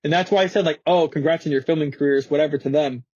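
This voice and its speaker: Young skater guest, high husky voice, cursing, slangy, acts out every line. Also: male voice, steady tone, fast, a little mellow, dry recording, lo-fi sound. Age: young adult. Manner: profane, slangy, acts out quotes. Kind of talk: animated storytelling with quoted voices. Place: podcast studio.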